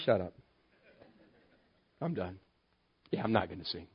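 Pastor, male, slightly high voice, dramatic sermon delivery, dull lo-fi recording. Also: big pitch swings, moderate pace. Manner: dramatic, acts out voices of Satan and God.

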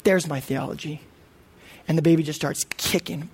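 A man's voice: on the high side, fairly even intonation, moderate pace, gravelly, a little mellow, slight background noise. A man in his thirties preaching a sermon, earnest and emphatic. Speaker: pastor.

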